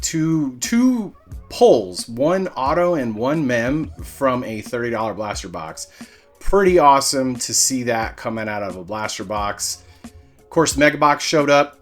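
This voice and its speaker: Laid-back man unboxing cards. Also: mid-range voice. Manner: relaxed, rambling, with fillers and self-corrections. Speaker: card-breaking channel host. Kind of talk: casual unboxing vlog.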